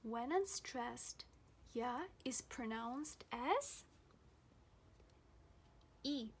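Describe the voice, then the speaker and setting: A young woman teaching a pronunciation lesson, speaking slowly and deliberately and repeating each example word several times. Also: on the high side, animated, slightly rough. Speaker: language teacher.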